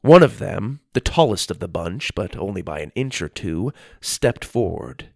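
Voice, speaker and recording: A man narrates a storybook in a low, gravelly voice. His reading swings up and down with lively expression. The sound is dry and close to the mic. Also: moderate pace, dry recording.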